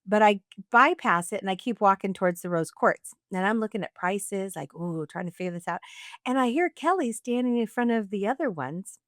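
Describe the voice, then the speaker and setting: A woman co-host spins a story in easy, casual talk, jumping into the voices of the people she quotes. Her pitch sits in a middle range and the sound is dry and close, with no room around it. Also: normal speed, hardly any pauses, no echo. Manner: animated storyteller acting out quotes. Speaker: podcast co-host.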